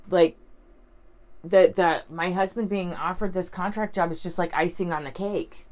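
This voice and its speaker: A woman's voice: fairly low pitch, steady tone, moderate pace, a little mellow. A woman talking casually to camera as a vlogger and life coach, in a rambling, upbeat way full of fillers and restarts. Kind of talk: casual vlog storytelling.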